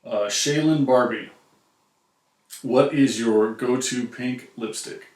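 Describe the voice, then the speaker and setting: A man's voice: mid-range voice, a little mellow. An American man co-hosting a casual chat, reading viewer questions aloud with dry jokes. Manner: joking, reads questions aloud haltingly. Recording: echoey room.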